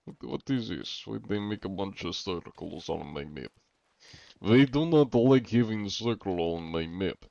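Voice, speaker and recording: Casting: deadpan big sweaty Russian man voiced by a man with a fake accent, low voice, dry dull recording. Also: normal speed, no room sound, lightly acted. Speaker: streamer.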